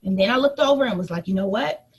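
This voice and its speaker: A woman in her thirties, a life coach, telling a personal story in a lively motivational talk to her audience. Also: mid-range voice, fast, breathy edge. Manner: animated storytelling, addresses listeners as y'all.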